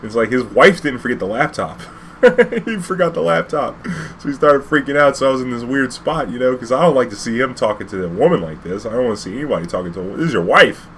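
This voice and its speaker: A man's voice: medium pitch, animated, quick pace, hardly any pauses, fairly bright tone, slight background noise. A man, a cab driver telling a casual, rambling anecdote full of fillers and swearing.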